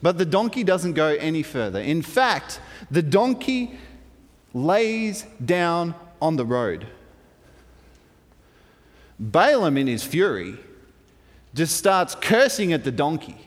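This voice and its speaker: A man preaches through a Bible story, playful and animated, with humorous asides. His voice sits high and swings widely. A long reverb rings around him in a large hall. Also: takes it slowly, pauses often. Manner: lively, playful, with asides and chuckles.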